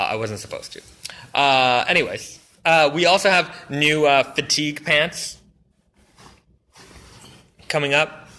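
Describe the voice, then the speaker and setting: A man's voice: medium pitch, sharp tone. A man casually walking viewers through new clothing on a live stream, enthusiastic and rambling, full of fillers and restarts. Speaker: brand representative showing new products. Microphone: phone or camera mic on a live stream.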